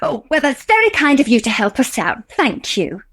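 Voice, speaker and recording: A woman's voice: sits high, sing-song, moderate pace, fairly bright tone, breathy edge, full character voice. A woman playing a fussy, flustered middle-aged woman helping run nativity auditions in a radio sitcom. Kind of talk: comedy radio sitcom acting.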